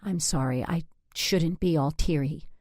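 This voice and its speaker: A grieving sixteen-year-old girl in a storybook scene, hesitant and on the edge of tears, voiced by a woman. Her voice sits above the narrator's low register, and the recording is dry and close. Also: measured pace, dark tone, no room sound. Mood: tearful. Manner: hesitant, tearful. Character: teenage girl, grieving and uneasy.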